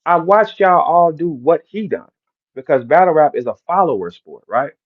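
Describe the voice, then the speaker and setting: A man's voice: on the high side, lively intonation, moderate pace, phone-quality sound. A man from St. Louis with a St. Louis accent, boasting and trash-talking in a brash, repetitive live-stream rant. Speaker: battle rapper hosting a live audio room.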